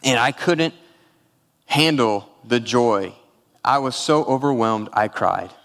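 A male pastor preaches in a large hall, his voice trailing into long reverb. He moves between a heartfelt personal story and scripture, at a middling pitch, speaking with open emotion. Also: slow, a bit bright. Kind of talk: sermon.

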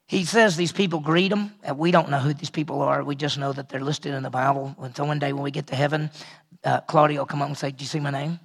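A man preaching a conversational Bible study sermon, earnest and repetitive, often dropping to a quiet voice for emphasis. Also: on the high side, fairly even intonation, fast, creaky. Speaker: pastor teaching a Bible study.

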